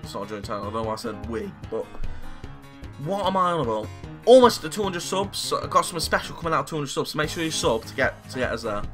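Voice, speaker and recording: A man giving goofy, jokey commentary while opening game packs, swinging from mock despair to excited shouts. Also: fairly high pitch, fast, soft background music. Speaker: gaming YouTuber.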